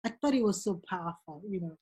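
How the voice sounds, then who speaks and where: A woman's voice: on the low side, expressive, quick pace, dark tone, breathy edge. A middle-aged woman, a guest author telling stories in earnest and acting out the voices she quotes. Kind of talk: casual conversation.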